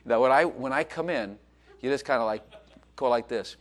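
A middle-aged man preaching a sermon, animated, acting out quoted voices and joking. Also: medium pitch, fairly quick, a faint crowd. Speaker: pastor.

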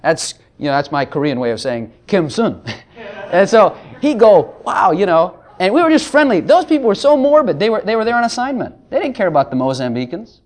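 A man's voice: sits high, big pitch swings, a little fast, darkish tone. A man preaching a sermon, joking between passages of scripture he reads aloud. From Texas.

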